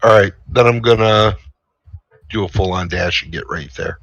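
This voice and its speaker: A man's voice: on the low side, moderate pace, fairly bright tone, no echo, lo-fi sound. A man playing a tabletop game, thinking aloud as he plans his move. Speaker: player. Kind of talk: casual tabletop play.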